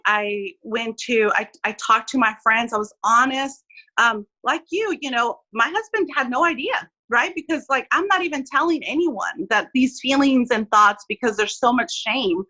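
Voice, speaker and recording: A woman's voice: fairly high pitch, pushed and bright, poor audio. A woman in her forties, a guest speaking candidly and earnestly in an interview, often checking in with "right?".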